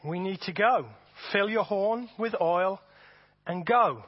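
Animated guy preaching, pretty high voice, a bit husky, dull dry sound. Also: slow, no room sound. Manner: animated, repeats words, acts out voices for effect. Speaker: pastor. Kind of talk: sermon.

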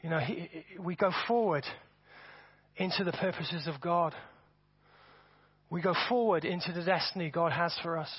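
Male pastor, sermon, high pitch, husky, repeats words, dull dry recording. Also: moderate pace, dry recording. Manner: animated, repeats words, acts out voices for effect.

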